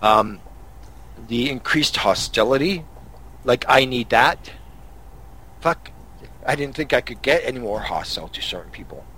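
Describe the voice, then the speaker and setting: A man's voice: medium pitch, expressive, measured pace, pauses often, bright, forceful tone, husky. A man from Canada hosting a podcast, telling angry road-rage stories in a profane, casual rant. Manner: angry, swearing storyteller. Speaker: podcast host.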